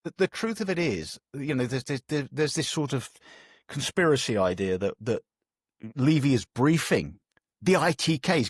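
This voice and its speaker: A man with an English accent hosting a casual podcast chat, animated and given to swearing when worked up. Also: medium pitch, moderate pace, breathy edge, no room sound, clean studio sound. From England. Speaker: podcast host.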